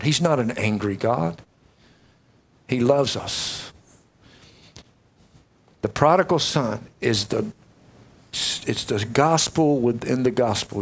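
Folksy preacher man. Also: medium pitch. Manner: folksy, joking and emotional. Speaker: pastor. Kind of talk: sermon with closing prayer.

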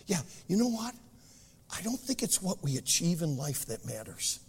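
Man pastor, high, gravelly voice, lively delivery, long hall echo. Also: moderate pace. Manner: animated storytelling preacher. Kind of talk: sermon.

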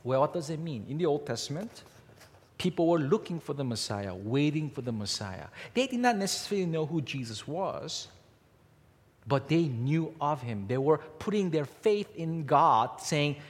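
A man preaching a sermon, emphatic and repetitive, his pitch rising and falling as he drives points home. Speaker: pastor. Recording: long hall reverb.

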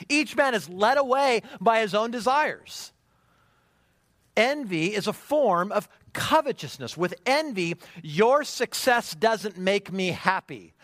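Emphatic, high-voiced male preacher. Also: fairly bright tone, dry recording. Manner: emphatic, rhetorical questions, repeated "right?". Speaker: pastor. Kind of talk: sermon.

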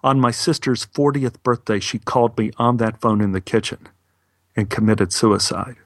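A man voicing a kind male teacher who speaks in a quiet, calm, measured way. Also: mid-range voice, no echo, clean studio sound, close to an everyday voice. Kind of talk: storytelling.

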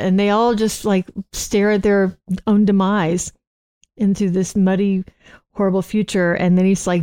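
A woman co-hosting a casual chat show from home, retelling scenes with lively put-on lines and frequent laughs. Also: mid-range voice, unhurried, smooth. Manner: animated, acts out movie lines, laughs often. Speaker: podcast co-host.

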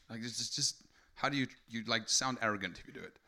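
A man preaches a sermon at a quick pace, his medium-pitched voice steady in tone. He opens conversationally, then builds to fervent, raised shouting.

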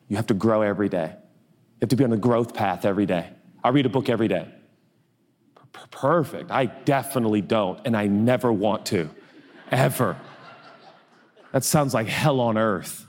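A man with a lowish, somewhat mellow voice preaches as a pastor from the US Northwest, keeping things conversational and humorous and playing out small dialogues. The recording has the long reverb of a large hall.

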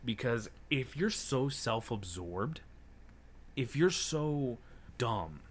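A young podcast co-host slowly tells a heated, profane story in casual chat, acting out his own angry comebacks. His medium-pitched voice has lively intonation.

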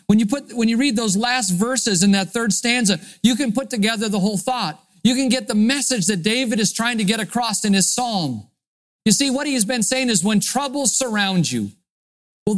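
A man preaching a sermon as a pastor, teaching earnestly and reading scripture expressively. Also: high-pitched.

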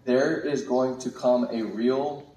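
A man preaching a sermon with exuberant, animated delivery. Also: mid-range voice, takes it slowly. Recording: echoey room from far off.

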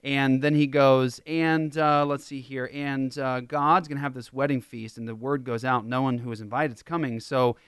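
A man co-hosting a casual Christian podcast discussion, animated and mocking when he quotes others. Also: mid-range voice, moderate pace, few pauses, smooth, dry recording, clean studio sound. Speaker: co-host.

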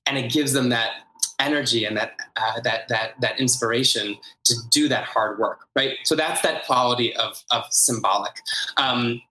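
A man's voice: mid-range voice, normal speed, sharp tone. A man being interviewed as a guest expert, explaining his ideas earnestly and repeating words for emphasis. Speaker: guest, ritual designer. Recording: roomy echo.

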